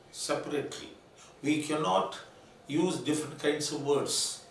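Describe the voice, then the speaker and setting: A man's voice: on the high side, steady tone, measured pace, a little hiss or hum. A man lecturing on linguistics in Telugu-accented English, spelling words out letter by letter and repeating key terms, sometimes switching into Telugu. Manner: switches between English and Telugu mid-sentence. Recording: very echoey room, voice from far off.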